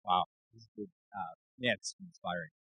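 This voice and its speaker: A man hosting an event and enthusiastically introducing the next speaker, with a halting delivery. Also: lowish voice, sing-song, creaky, sharp tone, dry recording, rough recording. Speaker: host.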